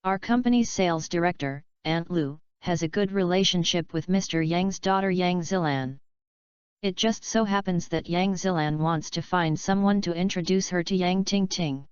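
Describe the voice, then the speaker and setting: A woman's voice: on the low side, moderate pace, clear, resonant tone, no echo, dull audio, natural voice. A woman reading a pushy, scheming rich father. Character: scheming father of a rich family, middle-aged man.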